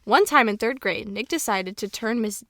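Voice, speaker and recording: A woman's voice: on the high side, normal speed, fairly bright tone, no echo, studio quality. A woman co-hosting a podcast, reading a children's book aloud with casual banter, giggling and stumbling over words as she goes.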